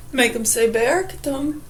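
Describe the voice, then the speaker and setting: A woman's voice: high-pitched, slow pace. A woman rambling in a casual vlog monologue, crude and profane, laughing often, with a slight whistle through gaps in her teeth. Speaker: vlogger.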